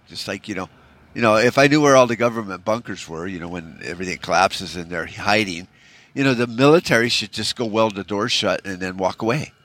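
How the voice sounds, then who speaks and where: Podcast host, male, low voice, rambling, profane, bitter solo rant. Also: a bit bright. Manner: rambling, profane, frequent "you know" fillers; discouraged, bitter tone.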